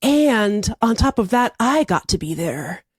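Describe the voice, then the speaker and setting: Podcast co-host, woman in her 40s, animated comic teller, dry close sound, mid voice. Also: mid-range voice, a little slow, husky, no echo. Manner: animated, laughs through her own stories. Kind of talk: casual chat, comic storytelling.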